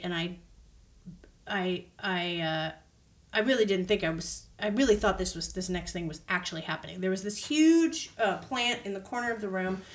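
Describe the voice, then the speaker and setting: A woman guest on a podcast tells an animated, casual story, performing the quoted lines loudly. Her mid-range voice is recorded from a distance, and the room adds an echo.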